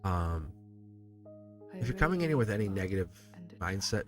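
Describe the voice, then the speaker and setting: A middle-aged man hosting a live tarot stream, rambling and animated, laughing often as he talks. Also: on the low side, moderate pace, soft background music.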